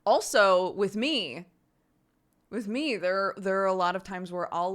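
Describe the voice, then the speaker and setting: Speaking a little slowly in a lowish, expressive voice, a streamer in her thirties chats candidly with her live audience. She laughs at herself a lot and performs loud fits of exasperation.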